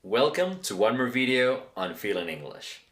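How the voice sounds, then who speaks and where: Animated teacher. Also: male voice, mid-range voice. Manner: enthusiastic, emphatic, repeats words slowly. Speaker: English teacher. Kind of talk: language lesson.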